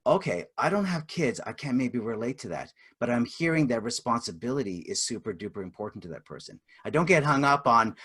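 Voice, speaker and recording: Brief: middle-aged male communications trainer, relaxed and conversational, full of fillers. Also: mid-range voice, fairly quick. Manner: chatty, many fillers, acts out example dialogue. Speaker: webinar presenter and communications trainer. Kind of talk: interactive webinar teaching.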